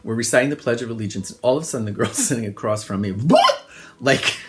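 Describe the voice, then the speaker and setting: A middle-aged man telling funny childhood stories in a relaxed monologue, self-deprecating and often laughing. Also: medium pitch, quick pace. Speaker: host. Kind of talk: casual storytelling monologue.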